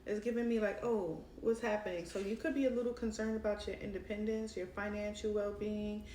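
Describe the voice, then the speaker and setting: A woman's voice: medium pitch, little pitch movement, a little fast, mellow, roomy sound, far from the mic, a little hiss or hum. A woman with a Brooklyn accent, giving a chatty tarot reading into her cell phone with many fillers and laughs. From Brooklyn, New York. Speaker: tarot reader.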